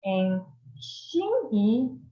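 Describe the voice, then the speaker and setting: Slow, careful woman teaching a lesson. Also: on the high side, big pitch swings, dark tone. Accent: Taiwanese Mandarin. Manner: slow, careful modeling of words for repetition. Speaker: Mandarin teacher. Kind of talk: beginner language lesson. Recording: echoey room, slightly dull sound.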